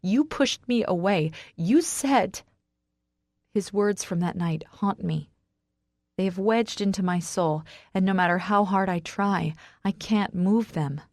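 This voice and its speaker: A woman narrating a first-person romance audiobook with emotional delivery that rises to shouts in the dialogue. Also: medium pitch, fairly even intonation, a little slow, dry recording, clean studio sound.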